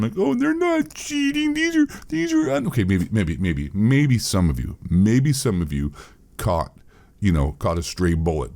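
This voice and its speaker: A man's voice: mid-range voice, dark tone. A man giving a profane, mocking, rambling rant as a gaming commentator. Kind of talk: ranting commentary.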